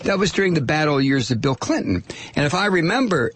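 A man hosting a political talk radio show, delivering a sarcastic, animated monologue and reading listener messages. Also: fairly high pitch, fairly quick, slightly rough. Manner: sarcastic, animated, mock voices for quoted people.

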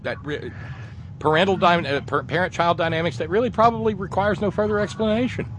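A man's voice: high voice, a little fast, a bit bright, slight background noise. A man hosting a podcast in casual, teasing chat. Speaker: podcast host.

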